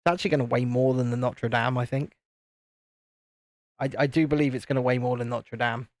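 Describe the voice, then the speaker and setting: A man's voice: mid-range voice, fairly even intonation, fairly quick, dry recording. Chatty British man in his late thirties. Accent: British English. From United Kingdom. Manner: rambling, chatty, self-interrupting. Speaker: YouTube channel host. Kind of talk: casual live-stream chat while building.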